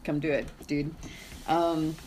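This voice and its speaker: A woman's voice: low-pitched, little pitch movement, takes it slowly. A woman co-hosting a casual film chat, talking freely with laughter and swearing. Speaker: podcast co-host. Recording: noisy home recording.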